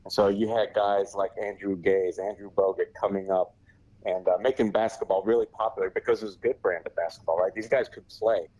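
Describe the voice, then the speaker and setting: A man's voice: on the low side, fairly even intonation, fairly quick, mellow, muffled recording. A middle-aged man, born in Australia but raised in America, chatting upbeat and laid-back as a guest reporter on a podcast. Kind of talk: casual podcast chat.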